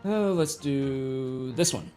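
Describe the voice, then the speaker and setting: A man's voice: mid-range voice, takes it slowly, mellow, soft background music. A man running a tabletop game as game master, laid-back and chuckling, with hesitant fillers.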